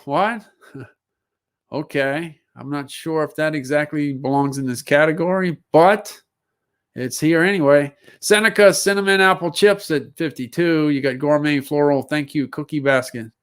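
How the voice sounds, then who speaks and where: A man's voice: a little high, measured pace. A man hosting a casual solo livestream, musing aloud as he reads down a list of product listings. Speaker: livestream seller host.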